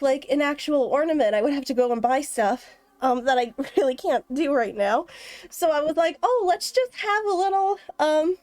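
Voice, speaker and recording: A woman's voice: high voice, no echo. Giggly, breathless woman streamer. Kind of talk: casual live-stream chat.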